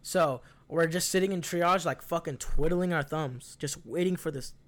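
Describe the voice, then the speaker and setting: A man's voice: fairly high pitch, normal speed, fairly bright tone. A young man telling a long story in casual, rambling talk, swearing constantly and leaning on fillers like "like". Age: young adult. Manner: profane, rambling, lots of fillers.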